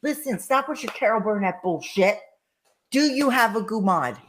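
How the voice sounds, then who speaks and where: A woman co-hosting a podcast, scolding her husband in loud, theatrical mock outrage. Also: mid-range voice, lively intonation, normal speed, slight background noise. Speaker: podcast co-host. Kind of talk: comic married-couple banter.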